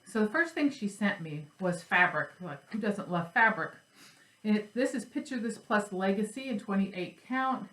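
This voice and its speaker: A woman's voice: mid-range voice, expressive, moderate pace, a bit bright, roomy sound, low-quality recording. A woman chatting casually at home about her cross stitch and craft supplies, rambling and joking at herself. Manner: chatty, rambling, self-deprecating. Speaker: flosstube host.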